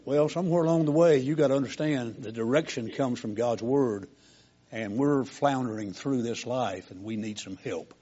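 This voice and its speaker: A man's voice: medium pitch, normal speed, dark tone, slightly rough, dull audio. An older man preaching a sermon in a folksy, homespun storytelling way, as a preacher.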